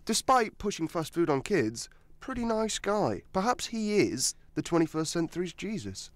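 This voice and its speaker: A young man co-hosting student radio, telling jokey stories in quick casual banter. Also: high voice, very animated, dry recording.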